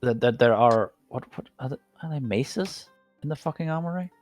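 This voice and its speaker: A man playing in a tabletop game, halting as he works out his character's actions. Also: medium pitch, lively intonation, a little mellow, no echo, soft background music. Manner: halting, restarts while deciding actions. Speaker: player. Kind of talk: casual tabletop game chat.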